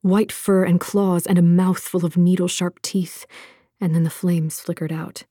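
A woman narrating an audiobook in a measured, expressive manner. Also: lowish voice, no echo, studio quality.

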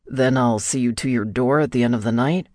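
A woman's voice: a bass voice, lively intonation, normal speed, creaky, a little mellow, no echo, clean studio sound, exaggerated voice. A woman voicing a cocky, domineering young man who mocks and swears bluntly. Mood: sneering. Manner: mocking, blunt, swears casually. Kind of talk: audiobook dialogue reading.

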